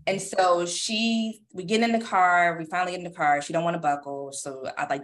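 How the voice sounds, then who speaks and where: A woman and mother telling a story in a casual chat, animated, acting out quotes and laughing often. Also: lowish voice, fairly quick, hardly any pauses. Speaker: podcast co-host and mother.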